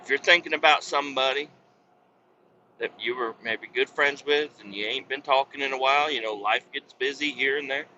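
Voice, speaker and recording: A man's voice: mid-range voice, fairly quick, bright, forceful tone, muffled recording, a little hiss or hum. A man in his thirties hosting a podcast, rambling in a jokey, profane monologue. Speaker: podcast host.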